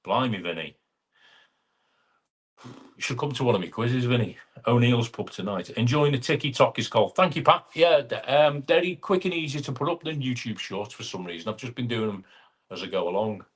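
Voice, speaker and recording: A middle-aged man hosts a casual live stream chat, greeting viewers by name as he reads out their comments. His voice is medium-pitched and his pace brisk.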